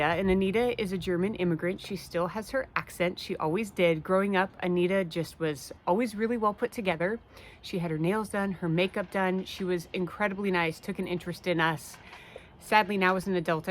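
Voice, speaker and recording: A woman pastor in middle age speaks in a fairly low voice, telling a heartfelt personal story for a short devotional video. Her delivery is earnest and conversational, and a faint hiss sits under the recording.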